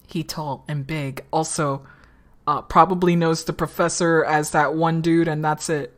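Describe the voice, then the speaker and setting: Low, slow-talking woman playing a game. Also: steady tone, a little hiss or hum. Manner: swears freely, laughs often. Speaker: let's play gamer. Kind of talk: casual game commentary.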